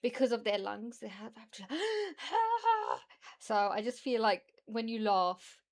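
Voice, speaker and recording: A woman's voice: a little high, very animated, slow. A British woman streamer chatting casually and rambling, laughing often as she reacts to her chat.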